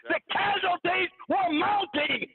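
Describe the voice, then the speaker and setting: A man's voice: extremely high pitch, takes it slowly, a loud crowd. A man calling in to a heated argument, lecturing hard in military terms. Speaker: caller. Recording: tinny phone line from far off.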